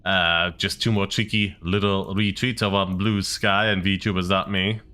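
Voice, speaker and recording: A man streaming a game, chatting casually and wryly, quick to rant about what annoys him. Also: low voice, fairly even intonation, sharp tone, clean tone. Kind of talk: casual gameplay commentary. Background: game music.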